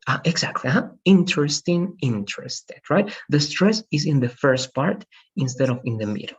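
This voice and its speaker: A man runs an online English lesson, slowly modeling words and gently correcting his students. His voice is a little husky and the call audio sounds dull and lo-fi. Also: mid-range voice, big pitch swings. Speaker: English teacher. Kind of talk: online class, pronunciation coaching. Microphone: video call.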